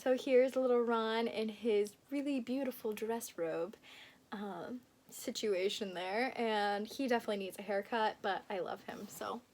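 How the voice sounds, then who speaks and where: A woman's voice: medium pitch, measured pace, a little mellow, a little hiss or hum. A young woman book vlogger chatting casually and gushing as she unboxes gifts, giggling often.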